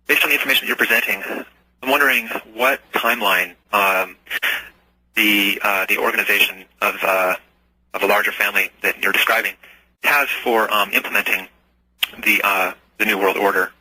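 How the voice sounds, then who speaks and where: A man calling in to a radio show, asking his question hesitantly with many pauses. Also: lowish voice, pushed and bright, breathy edge, no echo, low-quality recording. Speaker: caller.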